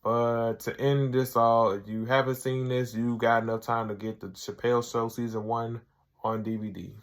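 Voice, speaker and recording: A man's voice: mid-range voice, level tone, normal speed. A man reviewing a sketch show episode for his video channel, retelling it loosely with lots of "like" and "he's like".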